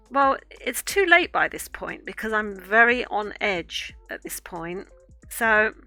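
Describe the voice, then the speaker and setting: A woman's voice: mid-range voice, sharp tone, no room sound. A woman art streamer casually telling a rambling story while she draws, with lots of fillers and restarts.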